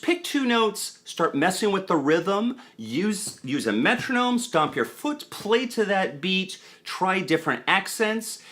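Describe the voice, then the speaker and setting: A man's voice: high-pitched, big pitch swings, measured pace, hardly any pauses, fairly bright tone. A man giving a casual guitar lesson, counting beats aloud as he explains rhythm and accents. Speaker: guitar teacher. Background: guitar playing.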